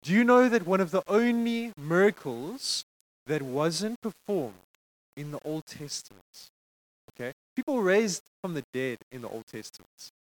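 A man preaching a sermon to a congregation, conversational and animated, checking in with frequent asides to the listeners. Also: fairly high pitch, unhurried, low-quality recording.

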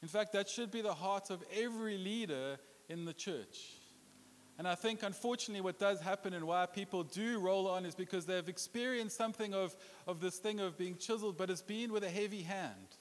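In a church hall before his congregation, a pastor with a high voice preaches a little quickly, joking around and adopting put-on accents whenever he quotes someone. The hall adds a long reverb to the recording.

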